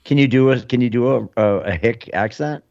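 A man's voice: mid-range voice, a little fast, gravelly, a little mellow, no echo. Brief: male podcast host, jokey casual banter, dull dry recording. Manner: joking, teasing banter with guests.

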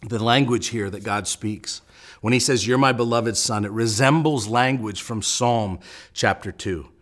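A man's voice: fairly low pitch, a little slow, a bit bright. A man preaching a sermon as pastor, in an earnest way, often repeating a word as he starts a phrase.

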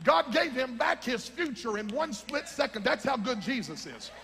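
A man preaching a sermon, teaching from scripture with fervent, shouting emphasis. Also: very high-pitched, sing-song, normal speed, gravelly, a little hiss or hum. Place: large hall with a congregation. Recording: long hall reverb.

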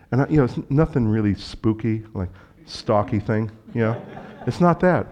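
A man's voice: on the low side, moderate pace, few pauses, dull audio. Man, pastor, sermon, storytelling, talks straight to the congregation, acts out dialogue. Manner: storytelling, acts out dialogue with sudden loud bursts; conversational, speaks directly to the congregation.

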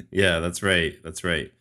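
A man's voice: low-pitched, sharp tone. A man co-hosting a casual podcast about the Bible, chatty, often laughing and restarting his sentences. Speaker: podcast co-host. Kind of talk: casual discussion and scripture reading.

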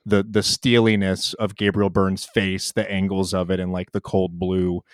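Male podcast co-host, lower voice, dry recording, loose rambling delivery. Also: flat delivery, moderate pace, dry recording. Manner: rambling, many "like" and "you know" fillers. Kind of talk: casual film discussion.

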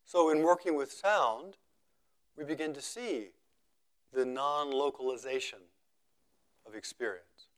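A man giving a slow, measured talk at a meditation retreat, repeating phrases for emphasis and letting his voice fall quiet at the ends of thoughts. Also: medium pitch. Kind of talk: contemplative dharma talk.

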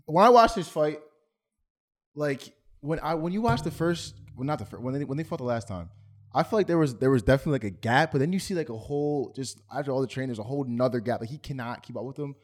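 Fast-talking profane podcast guy. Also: medium pitch, animated. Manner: rapid, profane, opinionated. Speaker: podcast co-host. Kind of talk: casual sports chat.

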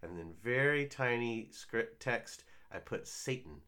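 A man co-hosting a casual podcast, joking and sarcastic, often trailing off quietly. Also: medium pitch, animated, measured pace, a little hiss or hum. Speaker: co-host.

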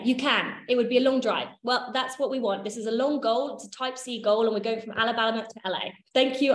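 A woman leading a workshop, teaching in a casual, chatty way, swearing offhand and checking that her listeners follow. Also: a little high. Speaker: workshop leader. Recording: echoey room.

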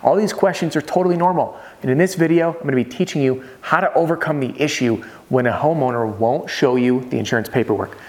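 A man coaching salespeople in an energetic, conversational way, often checking in with his listeners. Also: mid-range voice, quick pace, few pauses. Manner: energetic, conversational, peppered with "right?" check-ins. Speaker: roofing sales trainer. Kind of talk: motivational sales coaching monologue.

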